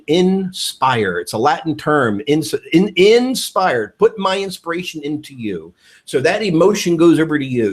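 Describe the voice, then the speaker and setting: A man giving a network marketing training talk, excitable and acting out phone calls with sudden bursts of shouting. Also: fairly high pitch. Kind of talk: animated sales training talk.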